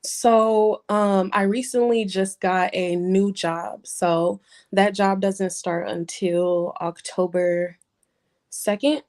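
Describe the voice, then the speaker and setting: A hesitant young woman with a gravelly edge. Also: medium pitch, steady tone, a little mellow. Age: 20s. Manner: hesitant, halting, many ums and pauses. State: holding back tears. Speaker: caller seeking advice. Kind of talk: emotional personal call-in.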